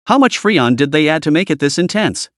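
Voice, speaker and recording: A man's voice: a little high, expressive, a little fast, dry recording, studio quality, lightly acted. A man voicing a cocky, crude young man who swears his way through trouble. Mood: frantic. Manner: blunt, swearing inner monologue.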